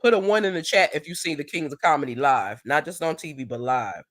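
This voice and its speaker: A lively woman talks to her viewers on a live stream, her pitch swooping up and down as she tells stories. When she quotes other people, her voice jumps higher. The sound is dry and close, with no room echo. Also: brisk. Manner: animated storyteller who acts out quotes in a higher voice. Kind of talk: casual live-stream chat.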